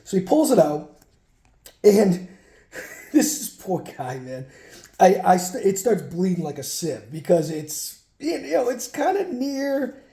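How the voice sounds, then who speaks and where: A man's voice: fairly high pitch, expressive, slow pace, pauses often, warm tone, roomy sound. A man casually telling a rambling childhood story while sorting through a card collection, breaking off for muttered asides.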